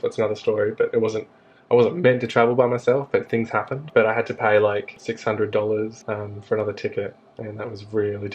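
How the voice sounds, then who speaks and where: A man with a fairly low, slightly mellow voice and an Australian accent rambles through a storytime for his vlog camera. He's chatty and self-mocking, full of asides, and the audio sounds a bit dull with a faint hiss behind it.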